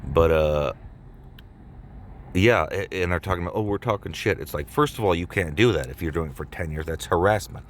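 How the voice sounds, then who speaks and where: A man with a very low voice rants in a vlog, agitated and swearing, going over the same points again and again. He talks from inside his car, and faint background noise sits under his voice. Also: normal speed. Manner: agitated, profane, repeats himself. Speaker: vlogger. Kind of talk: angry ranting vlog.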